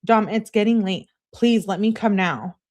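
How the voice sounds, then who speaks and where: A woman reading aloud as a pleading teenage girlfriend who begs again and again, her voice raised higher than her own. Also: moderate pace, darkish tone, lightly acted. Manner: high, breathless pleading with repeated begging.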